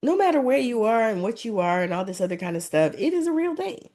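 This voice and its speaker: A woman's voice: a little high, sing-song, fast, darkish tone. A woman hosting a podcast, chiming in with supportive agreement. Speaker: podcast host. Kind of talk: casual chat.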